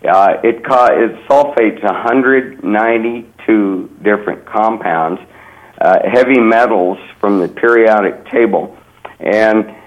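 Halting low-voiced man on lo-fi radio. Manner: halting, many fillers. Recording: dull lo-fi radio clip.

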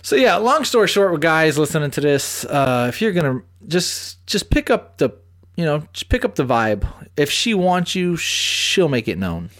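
A man hosting a podcast, telling stories in a crude, animated casual chat. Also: on the high side, moderate pace. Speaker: podcast host.

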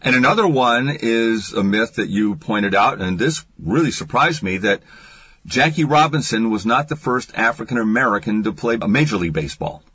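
Curious radio host man, husky. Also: mid-range voice, expressive, normal speed, pushed and bright, no room sound. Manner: conversational, curious questioning. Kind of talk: radio interview.

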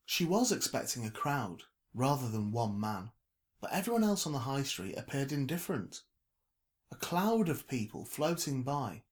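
Man, audiobook narration, measured, even, mid-pitched.

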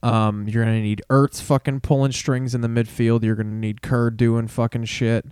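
A man's voice: mid-range voice, flat delivery, normal speed, a little mellow, clean tone, no echo, studio quality. A man hosting a podcast, rambling through a casual sports monologue with heavy swearing. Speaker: podcast host.

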